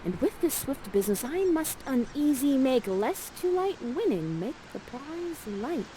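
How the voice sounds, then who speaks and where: A woman's voice: high-pitched, sing-song, a little slow, dark tone, a little hiss or hum, pitched above the performer's own voice. A woman voicing a theatrical, scheming sorceress mother, declaiming old-fashioned verse grandly.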